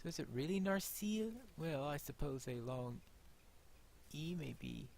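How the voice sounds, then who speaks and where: A man's voice: mid-range voice, normal speed, gravelly, darkish tone, a little hiss or hum. A man casually commenting on his gameplay, chatty and wry, thinking aloud. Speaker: gameplay host.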